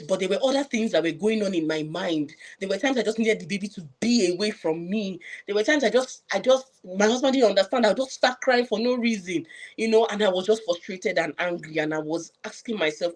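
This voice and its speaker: A woman with a Nigerian accent speaks as a panel guest, recounting a personal experience in an earnest, reflective way. Her pitch sits in an ordinary middle range, and she often restarts sentences and leans on "you know" as she thinks aloud. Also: fairly quick. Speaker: guest, public health professional. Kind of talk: personal account on a live panel.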